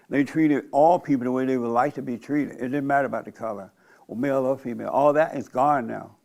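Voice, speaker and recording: A man's voice: medium pitch, creaky. An older man, a pastor and show host, giving a blunt, provocative, conversational church talk.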